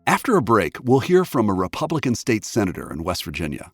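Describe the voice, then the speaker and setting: A man hosting a radio documentary podcast, delivering measured scripted narration. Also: lowish voice, wildly swooping pitch, husky, no echo. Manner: measured narration, reacting warmly in conversation. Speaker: podcast host.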